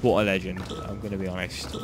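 A young Irish man hosting a gaming channel chats casually while he plays, his voice low-pitched, level in tone and fast, with music in the background. He rambles and jokes, often trailing off mid-sentence and starting again.

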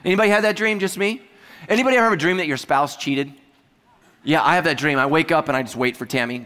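A man preaching a sermon as pastor, telling stories with humor and lively asides. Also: on the high side, quick pace, in a large hall. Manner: humorous, animated storytelling with asides.

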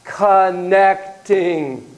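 A man with a high-pitched voice draws out his words as he lectures a class in an animated, theatrical manner. Quiet remarks give way to loud exclamations, he keeps quizzing the students, and the audio is poor.

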